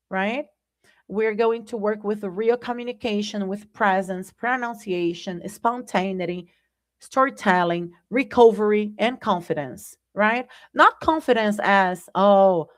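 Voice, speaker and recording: A woman teaching a live online English lesson, speaking deliberately and often checking in with "right?". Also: a little high, a bit bright.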